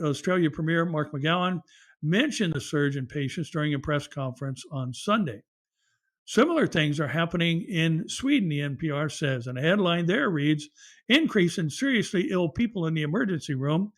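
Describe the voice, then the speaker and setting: Middle-aged pastor guy reading news articles out loud, lots of uhs and side comments, voice a bit on the high side. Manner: reads news articles aloud with asides and fillers. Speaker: pastor and show host.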